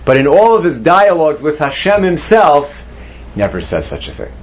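A man leads a Torah class, pausing to put questions to his students and weaving Hebrew terms into his teaching. His voice sits fairly high for a man. The recording sounds dull and lo-fi. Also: huge pitch swings.

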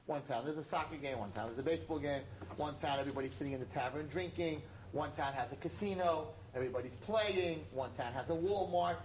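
A man teaching a class, telling a parable in an animated, emphatic way and repeating his points. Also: fairly high pitch, fast, few pauses, a little hiss or hum. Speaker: religious teacher. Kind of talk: storytelling lesson to a class. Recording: roomy echo.

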